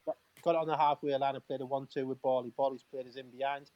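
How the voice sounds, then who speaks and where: A chatty man spins anecdotes in a live talk-in, his voice sitting at an ordinary middle pitch. He laughs between lines and acts out both sides of old conversations, stumbling and restarting as he goes. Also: level tone, no room sound, highs cut off. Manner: chatty and laughing, acting out quoted dialogue; halting restarts and fillers. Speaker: guest, former footballer. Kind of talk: casual storytelling on a live talk-in.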